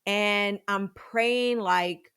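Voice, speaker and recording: A woman, likely in her thirties, telling a comedic personal story on a podcast in a dramatic, animated way with sudden loud bursts. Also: mid-range voice, drawn-out words, smooth.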